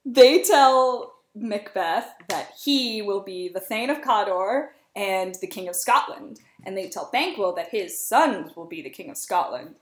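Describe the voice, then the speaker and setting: Chatty woman in an echoey room. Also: medium pitch. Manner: chatty, laughing, quick asides. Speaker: podcast co-host. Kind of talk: casual chat, plot summary.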